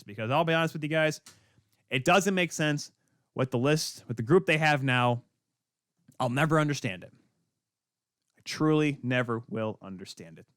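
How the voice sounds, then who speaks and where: A man hosting a podcast, delivering a heated, sarcastic rant with sudden loud spikes and quick muttered asides. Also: fairly high pitch, no echo, clean studio sound. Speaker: podcast host. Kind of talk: ranting hockey commentary.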